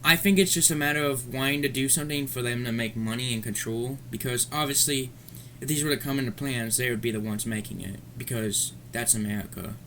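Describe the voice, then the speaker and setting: A man's voice: mid-range voice, a little fast, few pauses, bright, forceful tone, slight background noise. Heated, profane man ranting. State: angry. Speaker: commentary vlogger. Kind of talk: ranting commentary.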